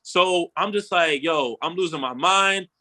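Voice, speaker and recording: Casting: young male podcast host, high and bright, animated slangy storyteller who swears freely. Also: measured pace. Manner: animated storyteller, slangy, swears, acts out his own quotes. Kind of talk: casual storytelling chat.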